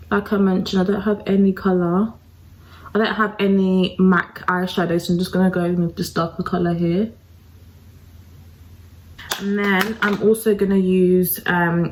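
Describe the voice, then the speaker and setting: A beauty vlogger walks her viewers through a makeup tutorial, chatting with them directly and poking fun at herself. Her voice is fairly low, and the recording is rough.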